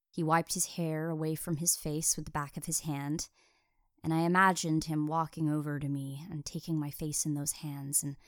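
A woman's voice: sits low, dry recording, clean studio sound. A woman reading a first-person audiobook in a wry, self-deprecating way. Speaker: audiobook narrator.

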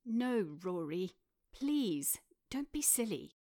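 Woman doing a worried sensible english woman, higher voice, audiobook. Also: big pitch swings, slow, dark tone. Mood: fretful. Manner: anxious, protesting. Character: fretful, sensible middle-aged Englishwoman.

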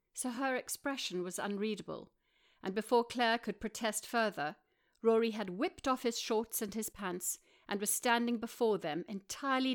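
A woman narrating an audiobook in an even, measured way. Her voice sits at a middle pitch, and she reads steadily through the story.

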